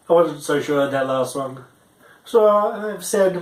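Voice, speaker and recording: A young man tells a rambling comic story on stage, stumbling through restarts and fillers. His delivery is halting and casual, and the sound carries a roomy echo. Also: on the high side, animated. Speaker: stand-up comic. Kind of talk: storytelling stand-up.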